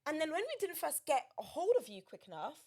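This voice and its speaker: A woman co-hosting a podcast in casual chat, telling a story with lively acted-out quotes. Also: sits high, brisk. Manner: animated storytelling, acts out quotes. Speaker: podcast co-host.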